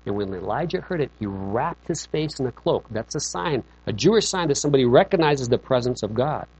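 A man preaching a sermon as pastor, in a conversational, joking way, often checking in with "okay?". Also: mid-range voice. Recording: dull lo-fi recording.

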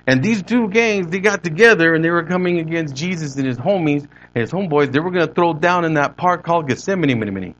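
A man's voice: fairly high pitch, quick pace, hardly any pauses, fairly bright tone, dull audio, a little hiss or hum, voice pushed up, close to an everyday voice. A man voicing a young male ex-gang member with an East Los Angeles accent, retelling a story in blunt street slang. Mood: storytelling.

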